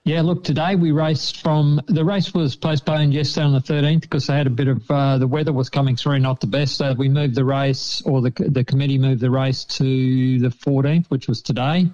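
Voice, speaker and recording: A man's voice: medium pitch, little pitch movement, moderate pace, hardly any pauses, dark tone. Man, caller on a dull phone line, hesitant, lots of ums. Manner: hesitant, full of ums, matter-of-fact. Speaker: pigeon racing correspondent, caller. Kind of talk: reading results by phone.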